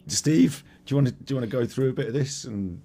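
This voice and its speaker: A man's voice: mid-range voice, fast talker, mellow. A man co-hosting a podcast, chatting casually and joking around. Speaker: podcast co-host.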